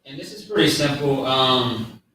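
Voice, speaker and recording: A man giving a casual, slangy lesson on words, spelling them out slowly. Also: medium pitch, animated, sharp tone. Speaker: teacher of a language class. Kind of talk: informal lesson with a live chat. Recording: echoey room, far from mic, faint noise.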